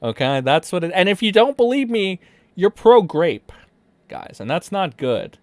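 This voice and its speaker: A man's voice: medium pitch, animated, measured pace, dry recording, lightly acted. A man doing a sarcastic, overdramatic imitation of a whiny online accuser. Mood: mocking.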